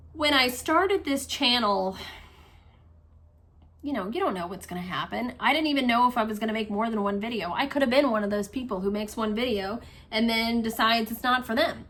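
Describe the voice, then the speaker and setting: On her cross-stitch Flosstube vlog, a woman tells stories in a chatty, enthusiastic way, laughing often. Her voice sits a little high, fairly bright, at a normal speed.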